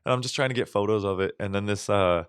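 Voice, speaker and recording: A man co-hosting a podcast, telling a casual, animated story with plenty of swearing. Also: fairly low pitch, fast talker, clear, resonant tone, no echo, clean studio sound. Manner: animated, profane, acts out voices in stories. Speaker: podcast co-host.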